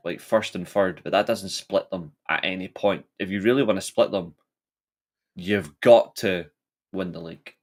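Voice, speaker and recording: Blunt, low-voiced man. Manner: blunt, heated opinions. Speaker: podcast co-host. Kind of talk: casual football chat.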